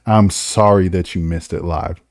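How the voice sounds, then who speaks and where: A man's voice: low-pitched, fairly even intonation, normal speed, no room sound, clean studio sound. A man co-hosting a casual podcast, laughing and swearing as he retells a debate. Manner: laughing, swearing, mimicking politicians. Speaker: podcast co-host.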